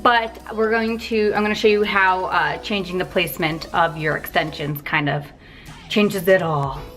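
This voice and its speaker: A young woman chatting casually through a hair tutorial, with filler words and quick asides. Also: fairly low pitch, steady tone, fairly bright tone, faint music behind. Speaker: beauty vlogger.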